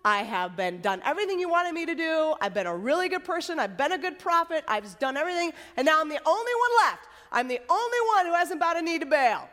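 Lady preacher doing a whiny sulky prophet guy, high and pushy, hall echo. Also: sing-song, fast, few pauses, fairly bright tone. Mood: pouty complaining. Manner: whiny, complaining, rising insistence. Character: pouty, self-pitying male prophet.

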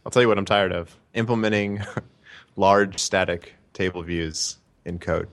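Male podcast co-host, dry and understated, slightly low voice. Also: steady tone, a little slow. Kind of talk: casual chat.

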